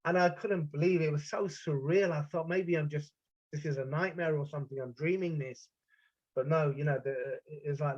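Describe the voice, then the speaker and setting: A man's voice: fairly high pitch, fairly even intonation, a little fast, a little mellow. A man from Britain, a podcast guest, telling a personal story in a vivid, intense way, with stutters and restarts. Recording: dull, dry, lo-fi sound.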